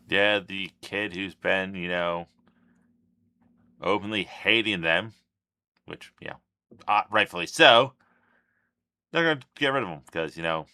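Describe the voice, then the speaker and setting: A man hosting a reaction video who thinks out loud, trails off mid-sentence and cuts in with offhand asides. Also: low-pitched, slow, long pauses, clear, resonant tone, no room sound. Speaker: reaction channel host. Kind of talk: casual reaction commentary.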